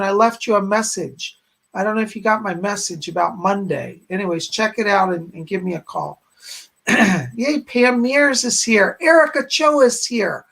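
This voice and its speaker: A man's voice: high voice, gravelly, a bit bright. A man who is a psychic medium, hosting a live stream in a chatty, rambling way and greeting viewers by name. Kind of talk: casual live-stream chat.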